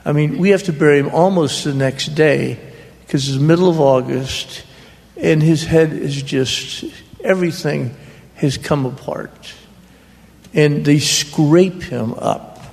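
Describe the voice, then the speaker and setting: An older man, telling family stories on stage to a live audience in a slow, drawling way, often laughing as he talks. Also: on the high side, creaky, darkish tone. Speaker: author speaking on stage. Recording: long reverb of a hall.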